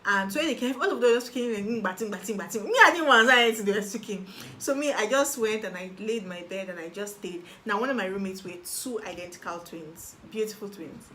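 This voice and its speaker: A young Nigerian woman telling her personal story as a guest, animated and acting out the voices of people she quotes. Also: mid-range voice, fast talker, slight background noise. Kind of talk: personal testimony.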